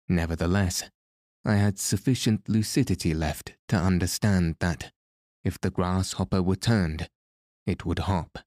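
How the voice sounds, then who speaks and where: A man narrating an audiobook in a measured, grave storytelling manner. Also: low-pitched, warm tone, dry recording, studio quality. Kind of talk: scripted narration.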